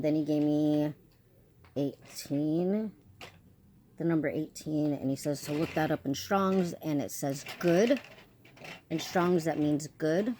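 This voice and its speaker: Fervent low-voiced woman over clicking noise. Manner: fervent, repetitive, emphatic declarations; restarts and corrects herself mid-message. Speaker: self-described prophetic channel. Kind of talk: relaying prophetic messages on camera. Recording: loud clicking noise behind voice. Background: noisy clicking toy sounds.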